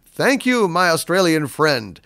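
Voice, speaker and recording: A man's voice: a little high, big pitch swings, unhurried, pushed and bright, dry recording. A man hosting a live stream, chatting off the cuff as he answers viewer donations. He rambles, stammers over repeated words and swears casually. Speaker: livestream host reading viewer donations. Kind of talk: casual unscripted chat.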